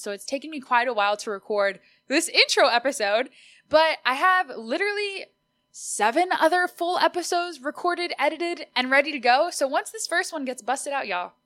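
A woman's voice: sits high, a bit bright, dry recording. Bubbly young woman hosting a podcast. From Austin, Texas. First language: Spanish. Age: 20s. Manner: bubbly, chatty and upbeat. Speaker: podcast host. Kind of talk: solo podcast monologue.

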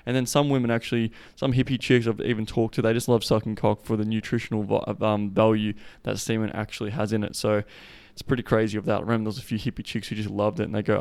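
A man's voice: lowish voice, flat delivery, quick pace, few pauses, a little mellow, clean tone, no echo. A man hosting a podcast, telling crude stories in a profane, rambling way while slightly out of breath from walking. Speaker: podcast host. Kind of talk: casual monologue.

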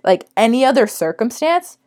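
A woman's voice: on the high side, normal speed. A young woman co-hosting a podcast, telling stories in casual chat, swearing and acting out what others said. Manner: animated, profane, acts out quotes. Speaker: podcast co-host.

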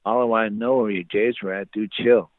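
A man's voice: lowish voice, steady tone, a little fast, dry recording, natural voice. A man voicing a short, cocky young male wrestler from his school days who talks in casual, teasing slang. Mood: calming. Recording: tinny phone-like line, dry.

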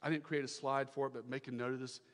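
A male pastor preaching a sermon, emphatic, repeating his phrases and swinging from loud declarations to hushed lines. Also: medium pitch, level tone, quick pace, big-room sound.

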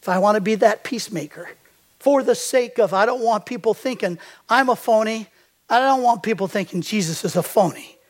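Older male pastor, high voice, storytelling sermon, quizzes the congregation. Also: a little fast.

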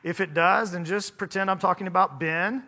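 A man in his thirties, a pastor, preaching a sermon in a church, his voice hoarse from singing and his delivery conversational with self-deprecating humor. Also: high-pitched, steady tone, normal speed, pushed and bright. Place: church sanctuary.

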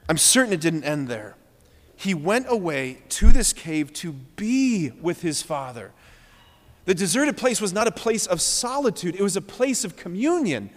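A Catholic priest with a high voice delivers an earnest sermon, driving his points home through repeated phrases as his passion steadily builds. His delivery is sing-song and measured in pace, and each line trails off into the long reverb of a large church.

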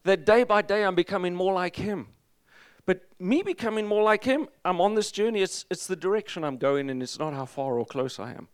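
Pastor, male, lively preacher who mixes in jokes; high, smooth voice, close and dry. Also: fairly quick, no echo. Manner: energetic, emphatic preaching with jokes. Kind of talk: sermon.

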